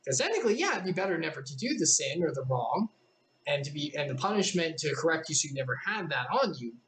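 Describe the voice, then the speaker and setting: A woman's voice: low voice, very animated, quick pace, a bit bright, slight background noise. A woman streamer chatting casually between readings, wandering into tangents and apologizing for them. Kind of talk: casual chat and reading aloud.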